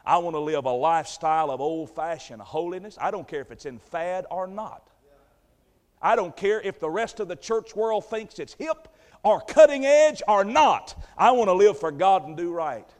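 A man's voice: sits high, animated, normal speed, a little mellow. A man preaching a sermon, retelling a story vividly and emphatically with repeated phrases. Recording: long hall reverb.

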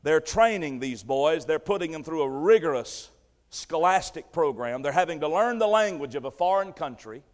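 A man's voice: fairly high pitch, animated, moderate pace. A man preaching a sermon, retelling a story vividly and emphatically with repeated phrases. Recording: long hall reverb.

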